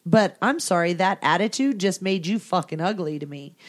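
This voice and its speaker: A woman's voice: fairly low pitch, animated, moderate pace. A woman hosting a casual adult podcast, bubbly and laughing often, swearing freely. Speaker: podcast host.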